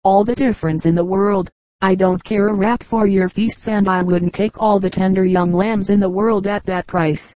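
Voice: medium pitch, steady tone, normal speed, darkish tone, dry recording, lightly acted, poor audio. A reader voicing a hungry, proud male wolf in an audiobook fable, muttering with scorn. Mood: scornful.

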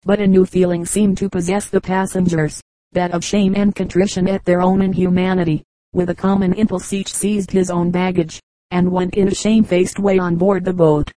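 A woman narrating an audiobook with a steady, even reading style. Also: lowish voice, normal speed, no room sound, rough recording. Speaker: audiobook reader. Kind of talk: scripted narration.

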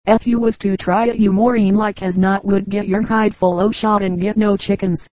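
A woman's voice: mid-range voice, steady tone, normal speed, a little mellow, no room sound, close to an everyday voice, low-quality recording. A woman reading the part of a cheeky petty thief answering a judge in folksy dialect. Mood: sly.

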